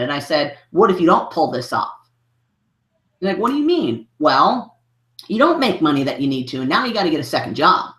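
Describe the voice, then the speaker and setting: A man's voice: on the high side, a bit bright. A man, a business coach, telling a story in a podcast interview, rambling with many restarts and filler phrases. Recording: roomy echo.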